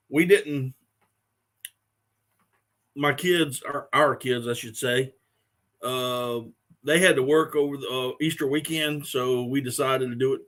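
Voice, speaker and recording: Middle-aged man, casual live stream host, relaxed and rambling delivery. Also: medium pitch. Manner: laid-back, rambling, with fillers and restarts.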